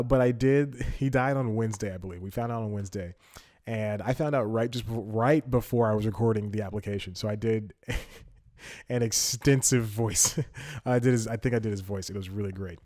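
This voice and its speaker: A man's voice: fairly low pitch, normal speed, darkish tone, no room sound. A man hosting a comedy podcast alone, chatting casually and rambling with a wry, self-interrupting manner into a studio mic. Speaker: podcast host. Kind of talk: casual solo comedy monologue. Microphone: studio mic, wearing headphones.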